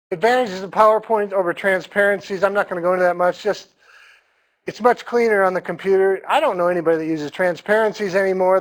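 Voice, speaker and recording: A man teaching a recorded lecture to no live audience. He talks conversationally, repeats his points, and often clears his throat and says "um". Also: high voice, poor audio. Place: room without an audience.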